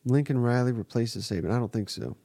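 A man's voice: medium pitch, brisk, dark tone, no room sound. A man hosting a live sports reaction podcast, giving blunt, exasperated and profane commentary. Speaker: podcast host.

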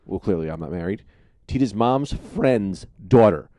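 A man's voice: fairly low pitch, lively intonation, moderate pace, mellow, no echo, clean studio sound. A man hosting a podcast, telling stories in a casual, playful way. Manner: playful, storytelling. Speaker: podcast host. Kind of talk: casual chat.

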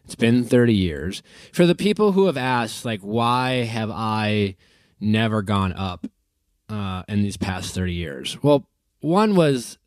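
A man's voice: on the low side, no room sound. A man in his forties hosting a podcast in a casual, loose storytelling manner, calling in from a hotel room. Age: 40s. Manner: chatty, laughing, loose storytelling. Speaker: podcast host. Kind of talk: casual chat. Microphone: remote call from a hotel room.

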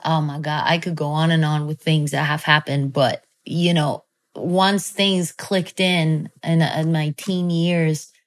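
A woman with a slightly low voice tells a personal story in a casual, animated way. She talks loosely, with plenty of fillers and restarts. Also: takes it slowly. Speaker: guest telling a personal story.

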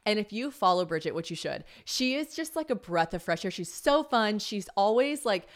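A young American woman hosting a podcast, telling a story in a chatty, animated way with casual swearing. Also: mid-range voice, moderate pace. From United States. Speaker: podcast host. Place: home podcast room.

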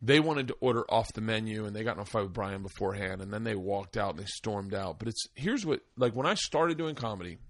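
A man's voice: lowish voice, fast talker, hardly any pauses, no room sound, studio quality. A man, a podcast host and stand-up comedian, chatting casually in a home man cave and telling rambling, profane road stories. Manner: rambling storyteller, profane, animated impressions. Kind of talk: casual chat.

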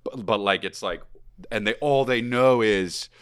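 A man in his forties co-hosting a podcast in casual chat, profane and animated, telling stories and slipping into put-on voices. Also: on the low side, unhurried, smooth, dry recording, clean studio sound. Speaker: podcast co-host.

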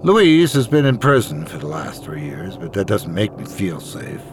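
A man narrating a first-person horror story in a measured, dramatic way. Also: low voice, big pitch swings, a little hiss or hum.

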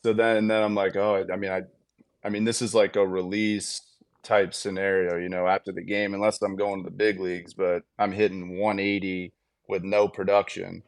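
Guesting on a podcast, this man in his thirties, a baseball player, speaks at a normal pace in a low voice. He spins a long, casual story, animatedly quoting each person and using plenty of fillers. The sound is dry.

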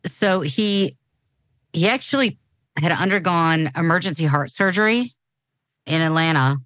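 A woman's voice: on the low side, lively intonation, a little slow, a bit bright, no room sound. A woman in her forties co-hosting a podcast in casual chat, talking loosely with many restarts. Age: 40s. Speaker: podcast co-host.

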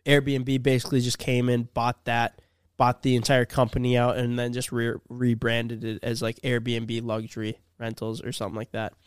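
On a casual podcast, a young male host tells a story with lively energy, acting out both sides of a conversation. His smooth, resonant voice sits at a middling pitch and moves at a moderate pace. The recording is dry and close, with no echo.

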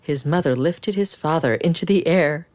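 A woman reading a children's picture book aloud in an expressive, animated storytelling style. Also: low-pitched, normal speed.

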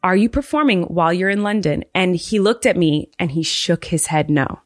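This is a woman co-hosting a podcast in casual chat. She tells a story in an animated way, says "like" often and acts out the other people's voices. Her voice sits a little low, and the sound is close and dry. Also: normal speed, no room sound. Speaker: podcast co-host.

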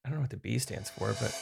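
A man co-hosting a podcast, talking fast in casual chat with many fillers. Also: medium pitch, vocal fry. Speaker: podcast co-host.

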